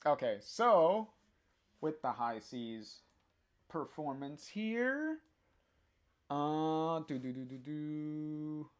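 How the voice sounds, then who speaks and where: A young man reads a comic aloud on a livestream, slow and unhurried, with a fairly high voice. He chats between panels, laughing often and trailing off into fillers and restarts. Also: lively intonation, clean tone. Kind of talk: casual live reading and commentary.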